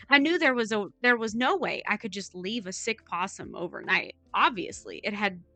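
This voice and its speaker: A woman's voice: medium pitch, expressive, moderate pace, pushed and bright, no room sound, soft background music. A woman chatting casually and reading a news story aloud, adding wry asides.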